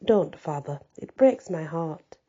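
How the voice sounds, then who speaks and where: A woman voicing a gentle, earnest young peasant woman soldier in a husky, dark voice. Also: low-pitched, lively intonation, takes it slowly, dull audio, pitched below the performer's own voice, heavily acted. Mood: tender.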